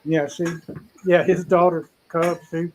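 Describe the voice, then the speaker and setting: A man's voice: a little high, flat delivery, unhurried, a little mellow, lo-fi sound, a little hiss or hum. A man hosting a casual cooking show, chatting in a folksy, rambling way. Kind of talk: casual live cooking chat.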